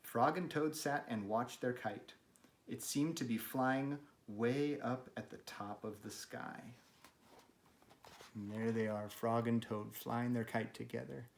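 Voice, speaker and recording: A man hosting a children's read-aloud, narrating a story and making gentle, chatty asides to a pet. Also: mid-range voice, fairly even intonation, slow pace, creaky, a little hiss or hum. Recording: roomy, echoey room.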